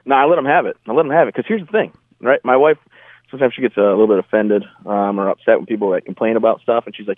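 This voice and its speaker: Fast-talking man on a tinny phone line. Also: lowish voice, no echo. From United States. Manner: earnest, upbeat, plainspoken. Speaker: guest, army veteran and motivational speaker. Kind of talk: casual interview talk.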